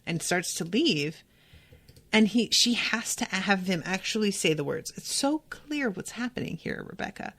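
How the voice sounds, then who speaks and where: Animated, emphatic woman podcast host. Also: mid-range voice, normal speed. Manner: animated, emphatic, talks to listeners directly; casual, swears freely. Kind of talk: casual TV episode recap.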